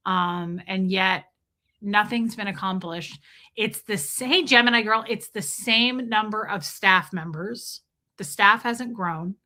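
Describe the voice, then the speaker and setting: Bright, indignant woman livestreamer. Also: medium pitch, slow pace. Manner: rambling, indignant, addresses viewers mid-sentence. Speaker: livestream host reading chat. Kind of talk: casual livestream commentary.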